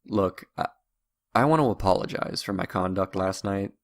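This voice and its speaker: A man's voice: low-pitched, moderate pace, vocal fry. A man voicing a weary, guilt-ridden adult man who talks in a hesitant, subdued way.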